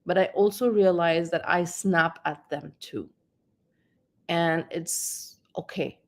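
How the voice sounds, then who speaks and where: A middle-aged parenting coach with a lowish voice talks about parenting at a slow pace. She's reflective and conversational, repeating words as she searches for the right ones.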